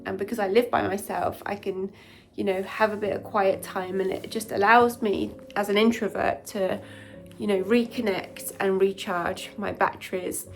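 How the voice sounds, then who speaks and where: A woman, a doctor vlogging in a soft, candid, introspective way. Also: medium pitch, fairly even intonation, moderate pace, creaky, faint music behind. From United Kingdom. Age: 40s. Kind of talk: reflective vlog talk to camera.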